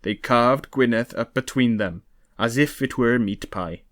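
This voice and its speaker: A man reading aloud, voicing an earnest young prince who speaks in a measured, wry way. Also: medium pitch, dry recording, studio quality, close to an everyday voice. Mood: determined.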